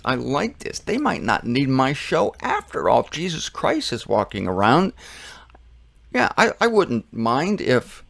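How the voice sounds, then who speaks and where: A man's voice: mid-range voice, very animated, measured pace, vocal fry, a bit bright, dry recording. A man giving casual Bible teaching, rambling and joking with self-deprecating asides.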